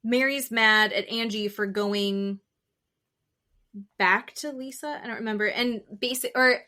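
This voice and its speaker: A woman co-hosting a casual podcast recap, animated and swearing freely as she acts out quotes. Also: fairly high pitch, measured pace. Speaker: podcast co-host.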